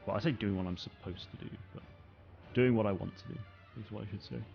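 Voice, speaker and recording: A man's voice: on the low side, fast, gravelly, lo-fi sound, soft background music. A young man hosting a live stream, chatting casually with viewers in a rambling way, full of fillers and restarts. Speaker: streamer and channel host. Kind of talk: casual live-stream chat reading comments.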